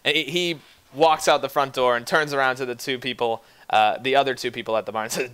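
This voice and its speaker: A man running a tabletop game in a bright, forward voice. He narrates casually, rambling a little with fillers as he builds the scene. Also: mid-range voice, steady tone, quick pace, smooth. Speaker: game master.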